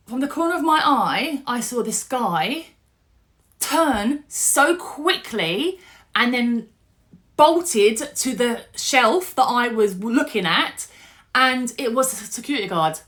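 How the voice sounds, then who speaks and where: A middle-aged woman, telling a personal story to camera in a chatty, animated way. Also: fairly high pitch, slow. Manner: animated, chatty, with fillers and restarts. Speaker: vlogger.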